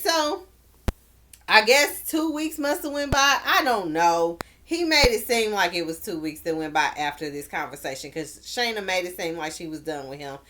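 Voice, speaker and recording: A woman's voice: lowish voice, lively intonation, normal speed, sharp tone. A woman recapping a dating show in a casual vlog, blunt and exclaiming, with slangy asides. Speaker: show reviewer.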